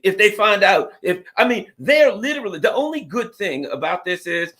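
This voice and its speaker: A man with a high, bright, lively voice talks politics as a remote guest. He is sarcastic and animated, his pitch leaping around as he mocks what others say. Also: moderate pace. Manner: animated, sarcastic, mocking impressions. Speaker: guest commentator. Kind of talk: casual political talk.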